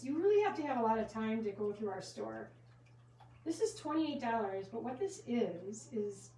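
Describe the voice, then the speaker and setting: A woman's voice: on the high side, warm tone, roomy sound, distant mic, a little hiss or hum, rough recording. A woman running her gift shop's live sale, chatting casually and giggly, wandering onto side topics as she shows products. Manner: chatty, giggly, goes off on tangents. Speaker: gift shop owner hosting a live sale. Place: inside a small gift shop with a trickling fountain.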